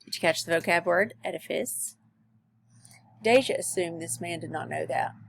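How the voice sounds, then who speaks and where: Lady teacher going over vocab words then reading the chapter to her class, kinda gravelly. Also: lowish voice, moderate pace, slight background noise. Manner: explains words and reads a story aloud to students. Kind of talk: vocabulary lesson and read-aloud. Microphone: recorded lesson video.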